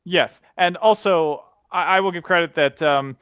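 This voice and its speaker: A man's voice: high-pitched, normal speed, fairly bright tone, smooth, dry recording. A man in a casual fan discussion, talking bluntly and opinionatedly. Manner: opinionated, blunt, laughs at his own stories.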